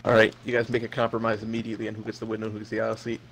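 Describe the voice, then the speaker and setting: A young man running a comedic role-play game as game master, narrating in a deadpan, crude way. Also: lowish voice, racing, slight background noise.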